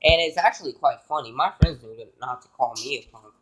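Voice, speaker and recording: A man's voice: medium pitch, fairly quick, slightly rough, low-quality recording. A man vlogging, telling an emotional personal story in an earnest, rambling way.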